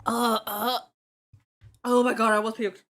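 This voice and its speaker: A woman's voice: a little high, flat delivery, measured pace, a bit bright. A young woman streaming casually while tipsy, sleepy and rambling, swearing a lot. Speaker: vtuber streamer. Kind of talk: casual drinking stream chat.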